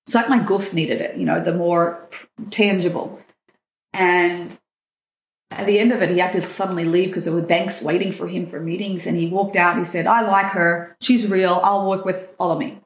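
Speaking at normal speed in a voice on the low side, a woman guest on a podcast, a dating coach, relates a personal story with feeling. She brings the quoted lines to life in an animated way, and the sound is roomy.

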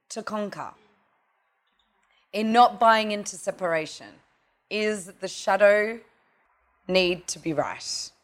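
A middle-aged woman teaching tantra in a casual, profane, animated way, acting out little voices as she talks. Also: mid-range voice. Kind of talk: casual spiritual talk.

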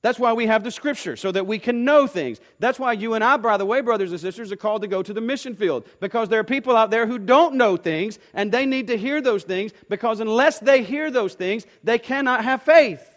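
A man's voice: sits high, brisk, hardly any pauses, fairly bright tone. A pastor preaching a sermon to his congregation, emphatic and repeating key phrases, often asking rhetorical questions.

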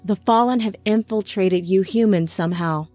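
A woman's voice: mid-range voice, moderate pace, a little mellow, no room sound, faint music behind, natural voice. A woman voicing a stern, curt male angelic captain who gives orders.

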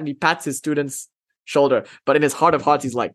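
A man telling a legend in a lecture, casual and slangy, with lively retelling. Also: a little high, fast talker. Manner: casual and slangy, with bursts of swearing and laughter. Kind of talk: storytelling lecture.

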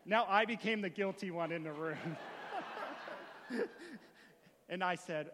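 A man preaching a sermon as a story, moving from hushed retelling to impassioned shouting. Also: sits high, slow pace, pauses often, long reverb tail. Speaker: pastor.

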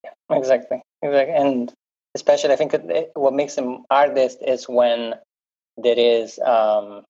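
Italian-accented man, halting and mellow. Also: medium pitch, steady tone, muffled recording. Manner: halting, with many fillers. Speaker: panel guest. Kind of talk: conversational panel answer.

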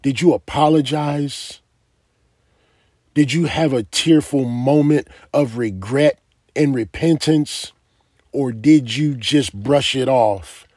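A man's voice: mid-range voice, darkish tone, husky, no room sound, studio quality. A man preaching a sermon, emphatic and asking his listeners direct questions.

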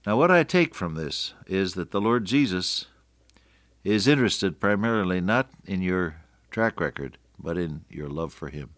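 A man's voice: sits low, animated, measured pace, fairly bright tone, no echo, clean studio sound. A man preaching a radio sermon, earnest and repeating phrases for emphasis.

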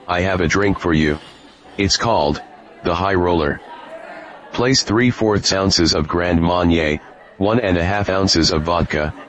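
A man voicing a laid-back male robot bartender who chats easily with a regular. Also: deep voice. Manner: relaxed, friendly bar talk. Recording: dull lo-fi sound with faint crowd.

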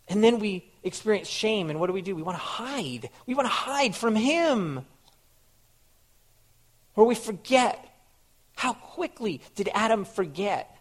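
A male pastor preaching a sermon in an earnest way, repeating phrases and putting questions to his listeners. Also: high-pitched.

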